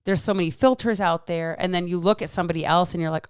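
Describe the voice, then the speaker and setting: A woman's voice: lowish voice, steady tone, fast, clean tone, dry recording, studio quality. A woman in her forties with an East Coast accent, hosting a podcast in casual, chatty talk that acts out quotes and swears freely. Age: 40s. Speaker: podcast host and fitness coach. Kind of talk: casual chat.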